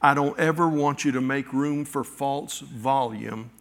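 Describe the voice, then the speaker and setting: A middle-aged male pastor preaching a sermon, telling personal stories with halting restarts and acted-out quotes. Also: mid-range voice. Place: church sanctuary. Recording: long reverb of a church hall.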